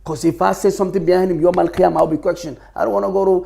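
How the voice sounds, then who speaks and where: A man's voice: sits high, fairly even intonation, very fast, creaky, warm tone. A Gambian man with a Gambian accent, a political leader speaking fervently and preachily in an interview. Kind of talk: impassioned interview talk.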